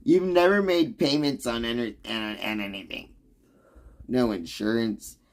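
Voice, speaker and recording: Sarcastic ranting man, gravelly voice. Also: mid-range voice, unhurried. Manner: heated, sarcastic, profane ranting to chat. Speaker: livestreamer. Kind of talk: ranting livestream chat.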